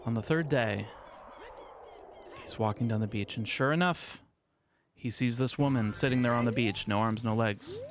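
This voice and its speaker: A young man streaming a speedrun, telling a crude joke in a casual, drawn-out way with lots of swearing. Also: medium pitch, a little hiss or hum. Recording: faint music behind.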